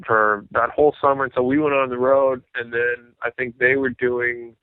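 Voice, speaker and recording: Guy chatting in an interview, lively storyteller doing everyone's lines, sounds like a phone call. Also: medium pitch, dry recording. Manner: animated, acts out quoted voices. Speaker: musician guest. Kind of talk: casual storytelling. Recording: tinny phone-like line, dry.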